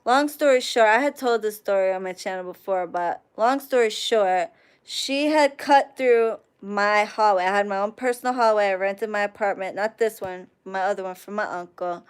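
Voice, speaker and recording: A young woman hosting a casual livestream, telling a profane, animated story and thanking chat viewers along the way. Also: medium pitch, normal speed, clean tone. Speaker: livestream host.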